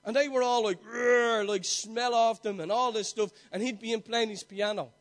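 A male preacher with a very high-pitched voice delivers a sermon. He speaks earnestly, building momentum through repeated phrases. He turns to his congregation with direct questions. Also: moderate pace.

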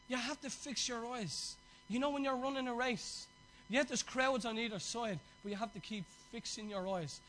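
A man's voice: very high-pitched, moderate pace, a bit bright, a little hiss or hum, low-quality recording. A man preaching a sermon to his church, passionate and exhorting, with chatty asides.

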